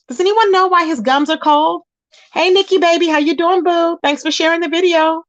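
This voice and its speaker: A woman hosting a livestream, chatting in a sassy, drawn-out way, greeting viewers and gossiping straight to her chat. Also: very high-pitched, fairly even intonation, dull audio. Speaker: livestream host. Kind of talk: casual gossip commentary.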